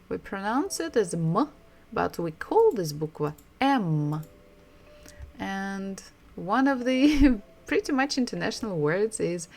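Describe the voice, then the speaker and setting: A woman with a Russian accent teaching a language lesson, slowly repeating words and laughing often. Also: medium pitch, sing-song, creaky, darkish tone. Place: home room.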